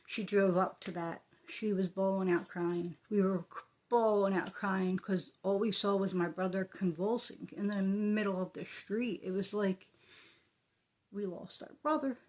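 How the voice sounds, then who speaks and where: A middle-aged woman recounts a memory from her own life. She talks casually and plainly, using "like" often and repeating words for emphasis. Her pitch sits in an ordinary middle range for a woman. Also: fairly even intonation, measured pace, a little mellow. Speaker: storyteller. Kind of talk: casual personal storytelling.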